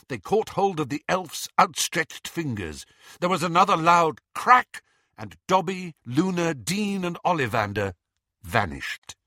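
A man narrating an audiobook in an expressive, measured way. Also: medium pitch, no room sound, studio quality.

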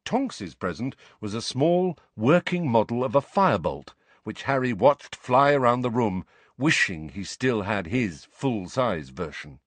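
A man narrating an audiobook with expressive, animated storytelling. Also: medium pitch, unhurried, dry recording. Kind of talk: scripted narration.

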